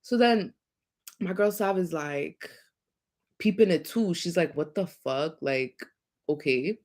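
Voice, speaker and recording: A young woman with a somewhat low voice tells a storytime rant straight to her viewers. She swears freely and fills every pause with "like". She swings from loud, punchy emphasis to low muttered asides. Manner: animated, profane, heavy use of filler "like". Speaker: vlogger.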